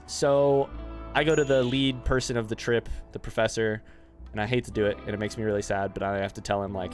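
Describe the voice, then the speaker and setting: A man streaming a game, telling a long anecdote in a rambling, animated way and turning aside to talk to his chat. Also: lowish voice, brisk, faint music behind. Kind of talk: casual storytelling while streaming gameplay.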